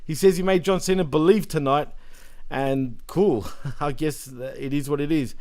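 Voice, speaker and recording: A man's voice: a little high, moderate pace, a little mellow. A man co-hosting a wrestling podcast, casually recapping the show with frequent laughs and loose, run-on sentences. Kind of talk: casual chat.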